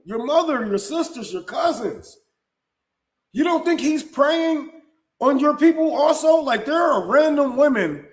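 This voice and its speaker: A man with a high, light voice hosts a live-stream commentary. He talks in a blunt, profane and heated way and trips over restarts, and his voice rings around a roomy, echoing space.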